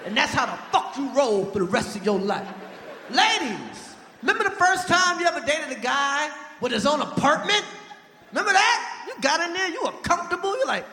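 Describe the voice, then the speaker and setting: A man performing a profane stand-up comedy set in front of a live audience, with a loud, punchy delivery. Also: extremely high pitch, big pitch swings, brisk. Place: large theater stage with live audience. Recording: echoey live venue, crowd noise.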